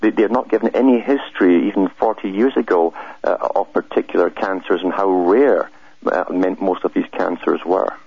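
Deep husky guy on radio, halting explainer, dry muffled sound. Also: no echo. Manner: hesitant, repeats words, steady explaining. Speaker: radio guest. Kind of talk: conversational radio interview.

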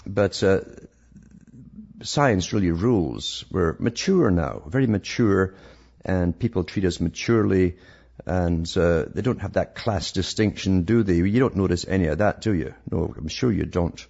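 A man with a low, husky voice, vocal fry and a darkish tone speaks unhurriedly in a dull lo-fi recording. As a talk host reading news articles, he delivers a sarcastic, rambling monologue, often restarting his sentences.

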